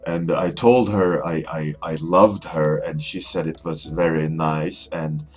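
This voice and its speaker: Low husky man telling a rambling story. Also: steady tone, soft background music. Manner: rambling, halting, with many restarts. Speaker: artist streaming a warmup session. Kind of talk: casual storytelling while working.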